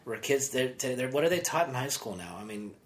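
A man's voice: medium pitch, animated, fairly quick. Rambling sarcastic man on a podcast. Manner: rambling, sarcastic, frequent restarts. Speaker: podcast co-host. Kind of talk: casual chat.

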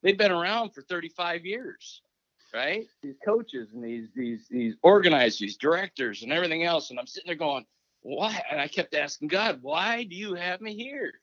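A man's voice: fairly high pitch, a little fast, no echo. A former hockey coach from Minnesota, a man, telling stories in a casual interview and acting out remembered conversations. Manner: animated, acts out remembered conversations. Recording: dry, dull lo-fi recording.

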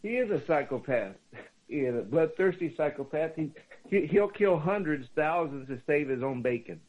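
A man's voice: fairly high pitch, expressive, normal speed. A man calling in to a talk show, speaking in an emphatic, agreeing way over a phone line. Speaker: caller. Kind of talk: call-in conversation.

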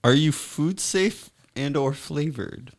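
A man's voice: a little high, takes it slowly. A man chatting casually with friends, hesitant and rambling as he thinks aloud. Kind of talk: casual chat.

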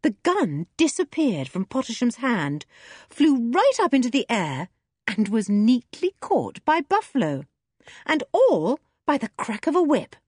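Lively woman reading a storybook. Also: on the high side, a little slow, husky, no room sound, clean studio sound. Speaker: audiobook reader. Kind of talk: storybook narration.

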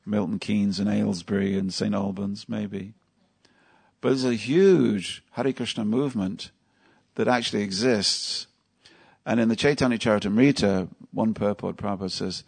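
Man, devotional class, storytelling, gravelly voice. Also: fairly low pitch, a little mellow. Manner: storytelling, conversational, asks the audience questions. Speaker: temple lecturer.

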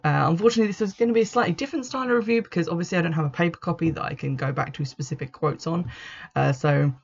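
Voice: medium pitch, gravelly, husky, highs cut off. A host giving a chatty, rambling book review with a wry, offhand manner.

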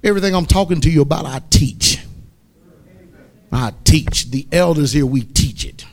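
A man preaching a sermon as pastor, rising to loud exhortation and dropping to soft asides. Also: fairly high pitch, normal speed. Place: church.

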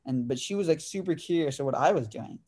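A man's voice: on the high side, animated, fast talker, warm tone. A man in his twenties, hosting a podcast, telling a story in casual chat with lots of "dude" and "like". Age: 20s. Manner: laid-back storyteller, says "dude" and "like" often. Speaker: podcast host.

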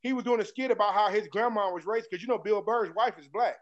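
This high-pitched, fast-talking man is chatting casually, spinning energetic stories and performing comedians' routines. The audio comes through dull and lo-fi.

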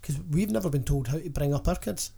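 A man's voice: fairly high pitch, fast, vocal fry, warm tone, slightly rough. A Scottish man co-hosting an audio podcast, talking frankly in casual chat and often restarting his sentences. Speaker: podcast co-host. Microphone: audio-only podcast mic.

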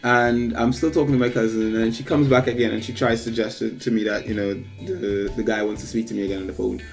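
A man's voice: lowish voice, level tone, fast talker, creaky, soft background music. A man casually telling a long personal anecdote, full of fillers, acting out what others said. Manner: rambling anecdote with many fillers, acts out quoted voices. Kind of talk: casual storytelling chat.

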